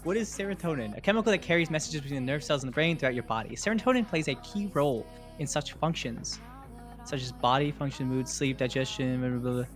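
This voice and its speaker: A man's voice: mid-range voice, faint music behind. A young man hosting a watch party stream, chatting casually, reading chat aloud and getting hyped with jokey asides. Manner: excitable, quick to get hyped, jokey asides.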